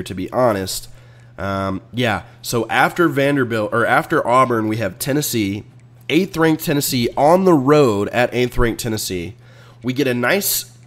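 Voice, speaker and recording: A man talks through his own video game match in a loose, casual play-by-play. His voice sits at an ordinary middle pitch, and he is excitable, dropping into low grumbles and then jumping to loud outbursts. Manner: excitable, swings from muttering to sudden loud outbursts. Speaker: video game player and channel host. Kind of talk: casual let's-play commentary.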